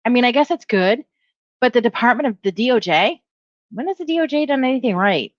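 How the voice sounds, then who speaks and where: A woman's voice: fairly high pitch, animated, brisk, dry recording, highs cut off. A middle-aged woman giving casual opinion commentary, rambling, correcting herself and reading headlines aloud. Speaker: video blogger.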